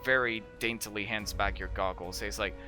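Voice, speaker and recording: Bright-voiced male game master. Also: fairly low pitch, fairly even intonation, moderate pace, soft background music. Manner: loose, casual narration with fillers. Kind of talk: narrating a tabletop game.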